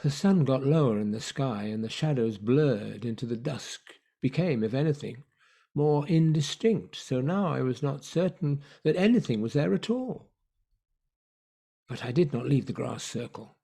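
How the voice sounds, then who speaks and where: A man narrating a story in an online play reading, measured and hushed. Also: mid-range voice, expressive, vocal fry, breathy edge.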